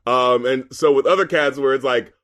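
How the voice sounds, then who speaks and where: A man co-hosting an album review show in casual chat, animated and joking, swearing and laughing a lot. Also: mid-range voice, normal speed.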